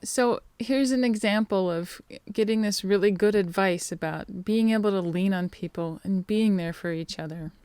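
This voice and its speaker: A woman's voice: medium pitch, a little mellow, clear, resonant tone. Chatty woman giving a casual literary talk. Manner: chatty, quick asides, mimics characters she discusses. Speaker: conference presenter.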